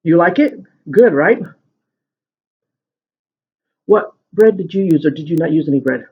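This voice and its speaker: A man with a fairly high voice talks casually while he eats, rambling through a story in a chatty way. The recording sounds muffled and lo-fi, like a home video. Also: animated, a little slow, breathy edge. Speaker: mukbang vlogger. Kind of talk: casual chat while eating. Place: at home at the dinner table.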